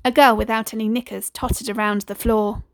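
A woman's voice: fairly high pitch, steady tone, a little fast, dry recording. Woman reading a children's story. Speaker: storybook reader.

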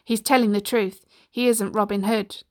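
Woman narrator doing a cocky, cheerful storybook outlaw hero, confident, a little raised in pitch. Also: fairly even intonation, normal speed, natural voice. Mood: bold. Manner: confident, teasing.

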